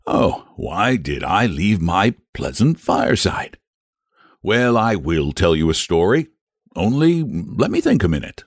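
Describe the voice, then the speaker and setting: A man's voice: sits low, sing-song, a little slow, no echo, clean studio sound, exaggerated voice. A man voicing a kindly, cheerful circus man in a storybook reading, speaking in a genial, hospitable way. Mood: mock-groaning.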